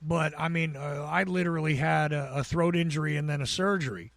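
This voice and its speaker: An American man with a gravelly, buzzing voice, chatting casually as a podcast guest and rambling with stammered restarts. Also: a little high, fairly quick, fairly bright tone, no room sound. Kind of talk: casual chat.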